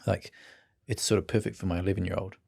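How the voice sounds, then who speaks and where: A man's voice: low-pitched, little pitch movement, fast talker, creaky, a little mellow, husky. A middle-aged man with a New Zealand accent, a guest telling rambling, self-mocking stories in casual chat. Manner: rambling, self-mocking storyteller who laughs often.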